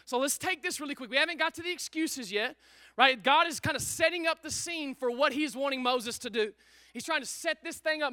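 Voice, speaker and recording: A man preaching a sermon as pastor, energetic and calling for responses from the congregation. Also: very high voice, fairly quick, no room sound. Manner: energetic, call-and-response, urging listeners.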